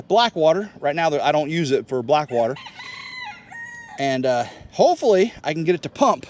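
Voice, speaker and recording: Man, homestead vlogger, folksy walk-and-talk outdoors, handheld camera; a bit high, very animated. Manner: rambling, folksy, teases his rooster. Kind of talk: casual walk-and-talk tour. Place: outdoors on a wooded homestead, walking.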